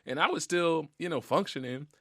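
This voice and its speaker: A man's voice: fairly high pitch, moderate pace, gravelly, bright, forceful tone, no room sound, studio quality. Emotional man as podcast guest. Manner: reflective, slangy, openly emotional. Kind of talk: casual heartfelt conversation. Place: podcast studio.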